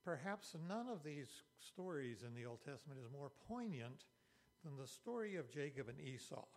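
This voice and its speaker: Earnest husky male preacher. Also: medium pitch, big pitch swings, moderate pace. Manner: earnest, emphatic, repeats key phrases. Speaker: pastor. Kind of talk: sermon.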